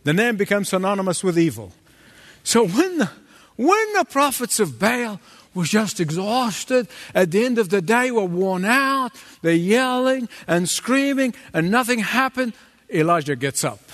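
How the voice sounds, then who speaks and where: A man preaching a sermon as pastor, dramatic and animated, acting out the voices of the people in his story. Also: high voice, a little slow, long reverb tail.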